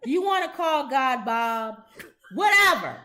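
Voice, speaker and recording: Lively animated woman chatting casually. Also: fairly high pitch, normal speed. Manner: animated, acts out voices for laughs. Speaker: co-host. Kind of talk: casual chat.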